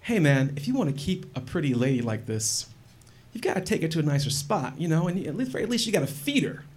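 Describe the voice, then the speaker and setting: A man's voice: fairly high pitch, sing-song, fairly quick, a little mellow. A man voicing a smug, condescending rival who gives patronizing advice, within a told story.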